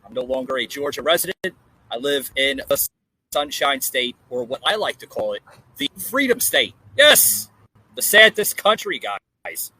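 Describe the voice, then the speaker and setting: Male podcast host, forceful husky delivery, halting with fillers, casual chat. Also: medium pitch, big pitch swings, low-quality recording. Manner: hesitant, lots of filler words. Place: outdoor porch.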